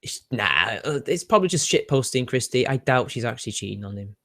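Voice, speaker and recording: Young British male streamer, casual, sardonic, laughs a lot, mid-pitched everyday voice. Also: lively intonation, fairly quick, sharp tone. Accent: British English. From Britain. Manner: chatty, sardonic, laughs often, answers viewer questions. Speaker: livestream host reading chat. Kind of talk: casual livestream chat.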